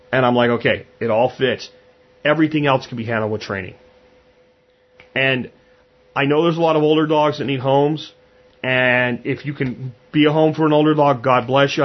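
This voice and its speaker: Heard in lo-fi sound, this medium-pitched podcast host speaks bluntly and conversationally in a casual monologue, performing his own quotes as he tells them.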